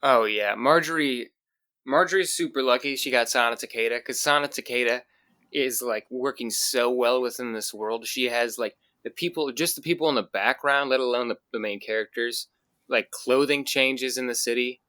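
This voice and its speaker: A man's voice: medium pitch, normal speed, sharp tone, no room sound. A man co-hosting a casual podcast about comics, talking enthusiastically with lots of fillers. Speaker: podcast co-host. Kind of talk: casual chat.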